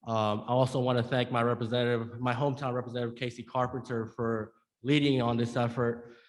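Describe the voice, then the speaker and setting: A young man from Georgia giving earnest, emotional testimony to a legislative committee, with halting repeats. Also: medium pitch, little pitch movement, big-room sound. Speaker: public witness. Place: hearing room.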